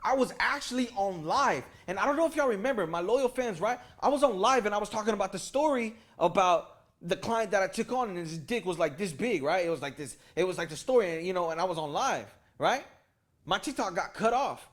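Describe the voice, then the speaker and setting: A man's voice: sits high, a little fast. A man telling a story straight to camera at home, casual and full of swearing, acting out the voices of the people in it. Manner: animated, swears a lot, acts out voices of people in his story. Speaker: storytime vlogger. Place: at home, indoor room with lights rigged. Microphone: camera mic.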